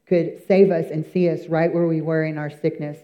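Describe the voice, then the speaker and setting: A man's voice: on the high side, flat delivery, normal speed, dull audio. A man giving an earnest, emphatic church testimony, telling his story with many fillers and restarts.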